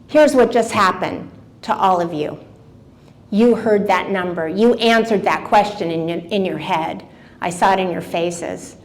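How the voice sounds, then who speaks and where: A woman in her seventies addresses a live audience in an event room, her voice sitting a touch high for a woman. She talks in a lively, engaging way, throwing questions at the crowd and answering them herself. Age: 70s. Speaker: motivational speaker.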